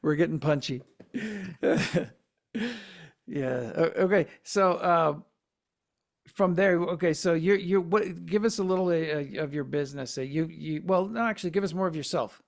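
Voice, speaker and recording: A man hosting a podcast in casual chat, talking haltingly with many repeated words and fillers. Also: a little high, vocal fry. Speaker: podcast host.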